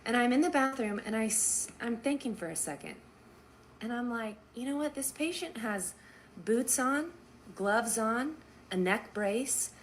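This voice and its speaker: A young woman, a nurse, telling a story casually and acting out the dialogue with lively swings in her voice. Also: measured pace, slight background noise. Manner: animated, acts out quoted dialogue with big pitch jumps.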